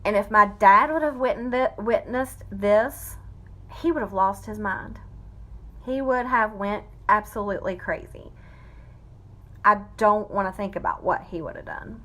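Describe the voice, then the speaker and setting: A woman's voice: mid-range voice, unhurried, sharp tone. A woman giving an emotional personal testimony, fighting back tears as she speaks. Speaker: vlogger telling a family story.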